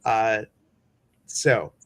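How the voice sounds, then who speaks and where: A man's voice: lowish voice, animated, drawn-out words. A man hosting a live stream, chatting casually, greeting viewers and reading their comments, with many fillers. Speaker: host.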